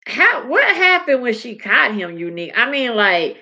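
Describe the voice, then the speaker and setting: A woman chats and tells stories, acting out the people she quotes with big swings in pitch. Her voice is bright with a gravelly edge, and the recording sounds dull and lo-fi. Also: sing-song, moderate pace. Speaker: podcast co-host. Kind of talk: casual comedic chat. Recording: dull lo-fi podcast audio.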